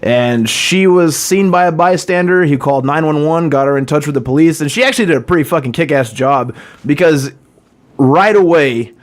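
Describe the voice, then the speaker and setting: A man's voice: a little high, normal speed. A man hosting a podcast, telling stories in a profane, rambling way and laughing often. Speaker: podcast host. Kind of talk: casual storytelling chat.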